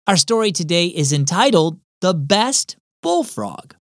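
A man's voice: high voice, sing-song, a little slow, hardly any pauses, dry recording. A man hosting a children's devotional program, narrating a story in a friendly, encouraging way into a close studio mic. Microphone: studio mic, dry close sound.

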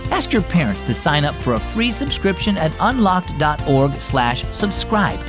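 A man's voice: a little high, big pitch swings, moderate pace, over music. A man hosting and narrating a children's Christian devotional, reading the story in a friendly, storyteller manner.

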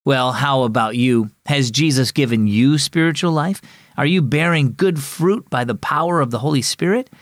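A man narrating a scripted Christian story for children in a clear, earnest, measured way. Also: medium pitch, dry recording, clean studio sound.

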